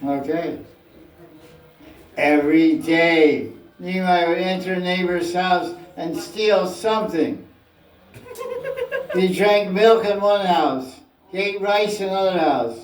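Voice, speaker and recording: A man's voice: sits high, slow, pauses often. A man giving a scripture class as spiritual teacher, telling stories playfully and acting out scenes, recorded from a distance in an echoey room.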